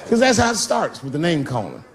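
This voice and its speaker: Animated man doing stand-up to a laughing crowd. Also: a little fast. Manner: animated, swinging from loud bursts to low mutters. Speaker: stand-up comedian. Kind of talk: stand-up routine. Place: stage before a live audience. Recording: live show with loud crowd noise. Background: audience laughter.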